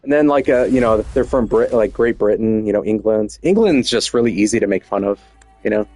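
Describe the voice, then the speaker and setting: A man's voice: fairly low pitch, a little fast, a little mellow, faint music behind. A man talking casually in a boastful, rambling way, chuckling now and then as he goes. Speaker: show host. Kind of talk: casual monologue.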